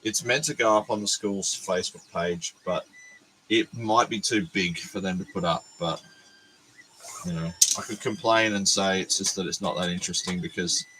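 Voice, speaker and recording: An Australian man, a teacher, chatting casually on a livestream from his workbench, hoarse and sick with a cold, rambling and self-deprecating. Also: deep voice, normal speed, pushed and bright, slight background noise, low-quality recording.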